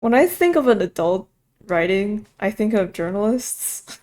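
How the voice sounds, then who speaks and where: A woman's voice: mid-range voice, very animated, measured pace, a little mellow. A young woman in casual chat who hedges, laughs often and pushes back.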